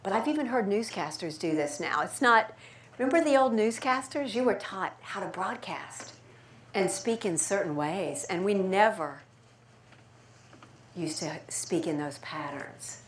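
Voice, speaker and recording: A woman voice coach answering audience questions at a talk, lively and playful as she demonstrates speech patterns. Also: medium pitch, unhurried. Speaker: speaker and voice coach. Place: event room with audience. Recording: echoey room, faint noise.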